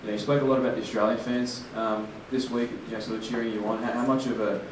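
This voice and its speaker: A man's voice: medium pitch, little pitch movement, fast talker. A male reporter asking long, hesitant questions full of fillers at a press conference. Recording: echoey room, distant mic, background noise.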